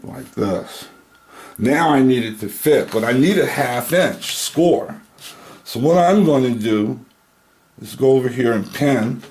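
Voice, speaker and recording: A man's voice: mid-range voice, slight background noise. A man giving a casual hands-on tutorial, thinking aloud as he cuts and pins. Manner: slow, relaxed, thinking aloud while cutting and pinning. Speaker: handbag-making instructor.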